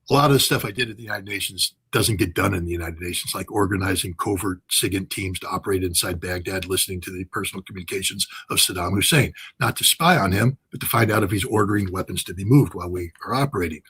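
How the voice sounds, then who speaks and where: A man's voice: low-pitched, quick pace, hardly any pauses, husky. A man in his sixties, a former weapons inspector, telling long stories as a guest in an interview, with many fillers and restarts. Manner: animated anecdotal storytelling with many fillers. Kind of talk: storytelling interview answer.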